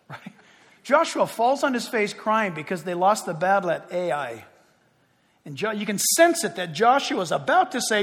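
A man preaching a sermon in an animated, playful way, acting out little dialogues and jokes. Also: sits high, a little slow. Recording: long echo of a large hall.

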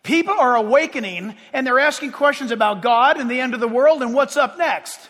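A man preaching a fervent sermon as pastor, with sudden shouts and slow drawn-out phrases. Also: very high voice. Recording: long hall reverb.

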